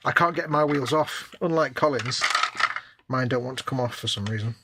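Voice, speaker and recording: A man's voice: mid-range voice, moderate pace. A British man chatting casually and mocking himself as he struggles with a model kit on a live stream. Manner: self-mocking, muttering while fiddling with parts. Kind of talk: casual chat while building a model. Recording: loud background noise, keyboard clicks.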